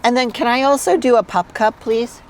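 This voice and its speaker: A young woman vlogger chatting casually, excitable, laughing often and gushing over her pets. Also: fairly high pitch, fairly quick. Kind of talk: casual vlog chat.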